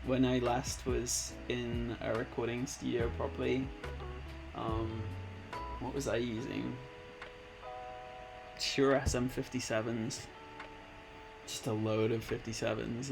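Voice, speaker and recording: A man in his late twenties hosts a relaxed live stream with a gravelly, fry-edged voice. He talks slowly and rambles, reading viewer messages aloud and calling people "man" and "bud." Music plays steadily in the background. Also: mid-range voice. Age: late 20s. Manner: laid-back, rambling, reads chat aloud, calls people man and bud. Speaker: Twitch streamer. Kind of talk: casual live-stream chat.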